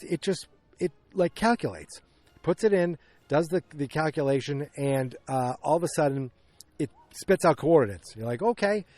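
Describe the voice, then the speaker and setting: A man's voice: fairly high pitch, a little mellow, dry recording. A man hosting a podcast, recapping a film casually, rambling with many restarts and acting out bits of dialogue. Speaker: podcast host.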